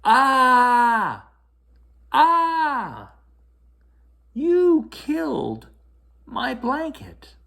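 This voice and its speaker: A man's voice: very high voice, very animated, drawn-out words, vocal fry, long pauses, sharp tone, voice pushed up, heavily acted. A man voicing an upset six-year-old girl who shrieks and wails in a read-aloud storybook. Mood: screaming tantrum. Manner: shrieking, crying out. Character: upset little girl, six, screaming and wailing.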